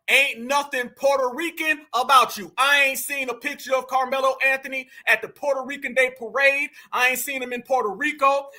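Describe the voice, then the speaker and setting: A man's voice: extremely high pitch, pushed and bright. A man with hosting heated reaction commentary, combative and mocking, full of slang and rhetorical questions. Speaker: commentary host.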